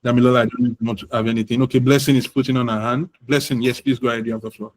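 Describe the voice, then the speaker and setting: A man teaching a live online class, encouraging and loose, filling pauses with "um" and "you know". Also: mid-range voice, little pitch movement, poor audio. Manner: encouraging, uses many fillers and "you know". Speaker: product management instructor.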